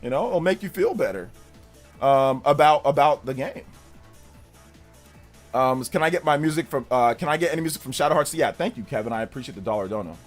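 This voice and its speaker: A man's voice: mid-range voice, animated, a little fast, faint music behind. A middle-aged man streaming live, combatively mocking viewers in his chat and laughing them off.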